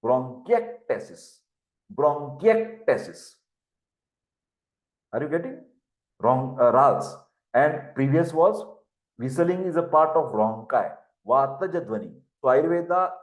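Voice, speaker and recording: An older man with an Indian English accent, giving a lecture, who repeats terms and spells words out for dictation. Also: a little high. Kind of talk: classroom lecture. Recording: echoey room.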